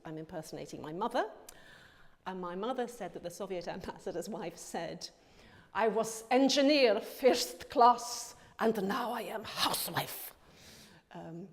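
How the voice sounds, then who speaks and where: An older woman speaking in a documentary interview, measured and reflective, as a theatre director. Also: fairly low pitch, vocal fry, darkish tone. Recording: long reverberant hall sound.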